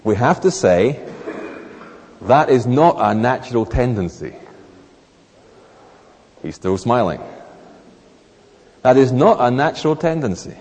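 A man preaching a sermon in a church hall, animated, acting out little scenes in raised voices. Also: medium pitch, takes it slowly, pauses often. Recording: long reverb of a large hall.

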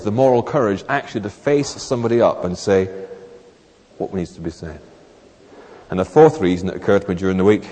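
Animated male preacher in a reverberant hall. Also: medium pitch. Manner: animated, acts out little scenes in raised voices. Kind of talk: sermon. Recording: long reverb of a large hall.

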